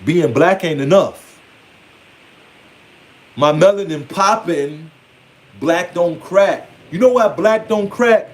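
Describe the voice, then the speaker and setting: A man's voice: high voice, slow pace, pauses often. A man giving a casual, blunt, playfully scolding monologue on spirituality. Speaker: spiritual speaker.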